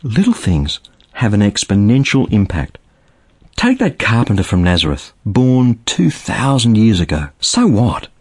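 A man's voice: on the low side, big pitch swings, measured pace, a little mellow, husky. A man giving a short scripted radio devotional, telling it like a story and building to each point with rising emphasis.

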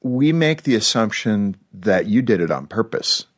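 A man's voice: on the low side, sing-song, normal speed. A male host in a conversational interview, asking long questions with playful voice shifts.

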